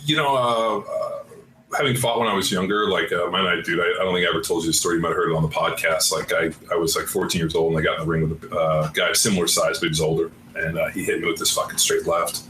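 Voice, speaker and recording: A man co-hosting a podcast who rambles through stories and swears freely. His very low voice has a bright, forceful edge. It is caught in an echoey room with a faint hiss. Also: fairly even intonation, fast. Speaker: podcast co-host. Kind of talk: casual podcast chat.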